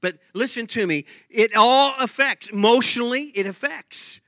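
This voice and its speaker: A man's voice: very high-pitched, moderate pace, sharp tone, dry recording. A man pastor giving a sermon in a conversational way, joking, laughing and asking the congregation many questions. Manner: conversational preaching with jokes and laughs.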